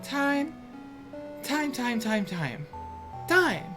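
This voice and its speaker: A man voicing a lonely, tearful young girl in a visual novel, talking in a soft, wavering and plaintive way. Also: extremely high pitch, unhurried, music in the background, voice pushed up. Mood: flustered.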